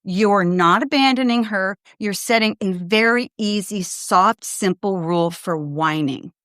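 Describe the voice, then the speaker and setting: A woman's voice: mid-range voice, measured pace, no echo, clean studio sound. An older woman, a pediatrician hosting a podcast, giving direct, good-humored parenting advice to callers. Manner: direct, warm-humored, acts out kids and parents in quotes. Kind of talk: advice show, answering callers.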